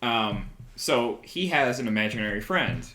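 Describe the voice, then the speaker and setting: A man's voice: mid-range voice, lively intonation, measured pace, pushed and bright. A young man co-hosting a casual podcast chat, talking earnestly with many "like"s. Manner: earnest, lots of "like" and "um" fillers. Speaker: podcast co-host.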